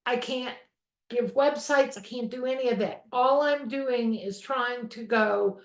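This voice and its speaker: A woman's voice: on the high side, a little slow. A woman teaching a real estate course in a chatty way. She often stops to check in with "okay?" and speaks from a room at home. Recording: echoey room.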